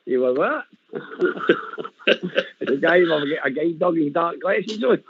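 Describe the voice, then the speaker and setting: A Scottish man calling in to a radio show, chatting in an animated, rambling way and laughing often. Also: on the high side, measured pace, pauses often, background noise. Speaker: caller. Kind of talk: casual chat on a call-in show. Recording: tinny phone line.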